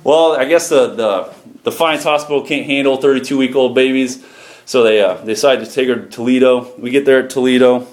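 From the pulpit of a church sanctuary, a pastor shares a testimony as part of his sermon, folksy and conversational with frequent chuckles. His medium-pitched voice is fairly even and a little fast, recorded in an echoey room with faint music.

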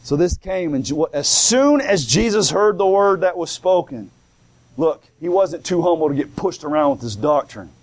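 Guy preaching a sermon, fairly high voice, reads old bible verses then breaks it down casual, says come on now a lot. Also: expressive, moderate pace. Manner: reads scripture in old King James wording, then preaches in plain talk with rising fervor; colloquial, repeats and restarts, calls out "come on now" and "glory".

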